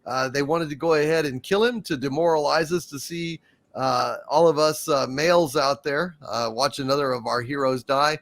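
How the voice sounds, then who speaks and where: A man's voice: fairly high pitch, normal speed. Profane, ranting man hosting a live stream. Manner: profane, animated ranting with stammered restarts. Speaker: livestream show host reading super chats.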